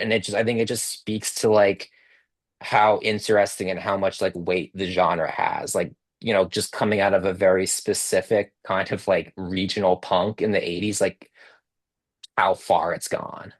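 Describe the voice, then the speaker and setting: A man in his thirties talks over a video call in a loose, rambling way, piling up filler words and restarting his sentences. His voice sits a bit low. The sound is dry and close, with almost no room around it. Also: no echo. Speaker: author guest.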